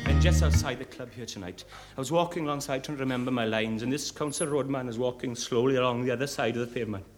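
A man's voice: medium pitch, fast talker, over music. A man at a club, telling jokes and stories in spoken patter between the sung choruses of a comic folk song. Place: club, live on stage.

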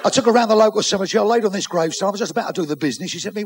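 A man telling bawdy jokes as a stand-up comedian, brash and rapid-fire, laughing through his punchlines. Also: high voice. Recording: live club with crowd and noise.

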